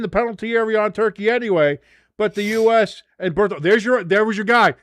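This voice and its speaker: A man's voice: high voice, fairly quick, no echo. Crude, rambling man in his forties. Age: 40s. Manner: crude, rambling, laughs at own jokes. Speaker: watch-along host. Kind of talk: casual live sports watch-along chat.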